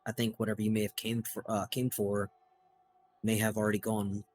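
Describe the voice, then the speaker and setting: Slow low-voiced man roleplaying. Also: level tone, a little mellow, rough recording. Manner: formal and slow, many hesitations. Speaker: tabletop game player. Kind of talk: in-character roleplay speech.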